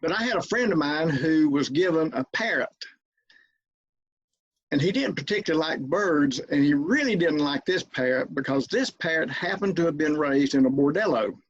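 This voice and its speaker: A man's voice: fairly high pitch, lively intonation, moderate pace, husky, dry recording. Folksy man spinning a joke, dull audio. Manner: folksy storyteller. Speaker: club speaker. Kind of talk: telling a humorous anecdote.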